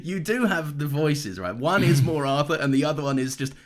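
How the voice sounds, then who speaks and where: Male podcast co-host, casual episode chat, joking, lively up-and-down pitch. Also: a little fast. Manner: joking, giggly, animated asides.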